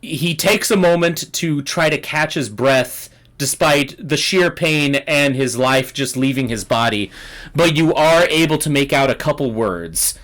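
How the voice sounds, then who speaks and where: A man's voice: a little high, measured pace, fairly bright tone. A man running a tabletop game as game master, narrating in a loose, filler-heavy way over a video call.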